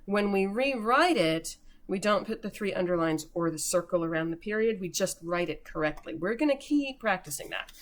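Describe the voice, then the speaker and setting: A woman teacher giving a recorded remote lesson to young children, slowly sounding out words for early readers. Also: medium pitch, lively intonation.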